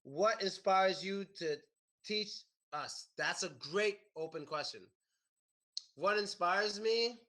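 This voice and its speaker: An American man teaching a class, animated and repeating his questions to the students. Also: high voice, slow. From United States. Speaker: English teacher. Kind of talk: classroom lesson.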